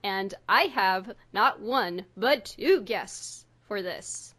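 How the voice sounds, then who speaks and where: A woman hosting a podcast who jokes and swears freely in relaxed conversation. She talks at an unhurried pace and laughs often. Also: medium pitch. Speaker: podcast producer and host. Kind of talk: casual podcast chat.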